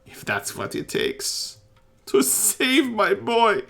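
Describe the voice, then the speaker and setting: A man voicing a desperate, grieving village priest who speaks hoarsely, close to sobbing, and keeps repeating himself. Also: a little high, very animated, pitched above the performer's own voice, heavily acted. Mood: frantic. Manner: pleading, repeating himself, halting. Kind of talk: voicing a character in a tabletop game.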